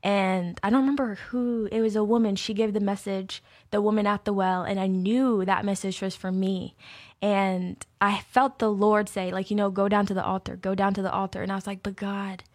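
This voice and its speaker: A woman's voice: mid-range voice, steady tone, normal speed, darkish tone. Chatty woman telling her testimony. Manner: chatty, many "like" fillers, acts out her own past thoughts. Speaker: guest sharing testimony. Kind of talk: casual personal testimony.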